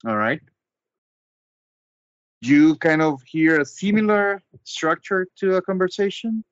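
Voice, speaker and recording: A man narrating as game master of a tabletop game over an online call, measured and hesitant, with frequent ums. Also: a little high, expressive, no echo, dull audio.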